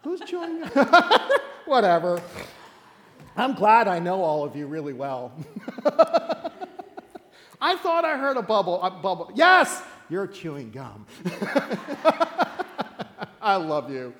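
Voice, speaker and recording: High-voiced joking pastor in a hall. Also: male voice, takes it slowly, pauses often. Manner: animated, joking, acts out voices and laughs often. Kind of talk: sermon told as a playful campfire story.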